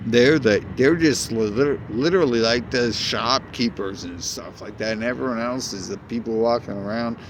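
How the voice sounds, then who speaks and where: A man's voice: mid-range voice, normal speed, hardly any pauses, noisy background. A man in a rambling, agitated monologue, cursing often and jumping between ideas.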